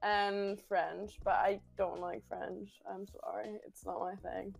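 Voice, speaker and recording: A woman's voice: medium pitch, little pitch movement, slow pace, creaky, breathy edge. A chatty woman whose accent drifts between British and Australian. She talks loosely and laughs often. Faint music plays underneath her. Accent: mixed British and Australian. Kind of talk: casual chat.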